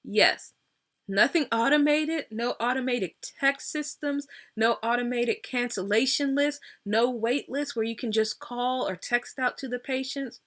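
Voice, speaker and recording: A woman vlogger talks to camera in a relaxed, chatty storytelling style. She acts out both sides of conversations, switching voices and laughing as she goes. Her voice sits a little high for a woman. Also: measured pace. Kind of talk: casual storytelling monologue.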